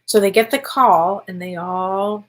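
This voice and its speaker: A woman's voice: mid-range voice, unhurried, slight background noise. A woman co-hosting a casual chat, answering with short, supportive replies. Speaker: co-host.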